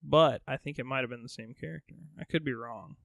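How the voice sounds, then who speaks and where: Gravelly laid-back young male podcaster. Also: mid-range voice, a little fast, fairly bright tone, no room sound. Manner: laid-back, filler-heavy with lots of "like" and swearing. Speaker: podcast co-host. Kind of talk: casual chat.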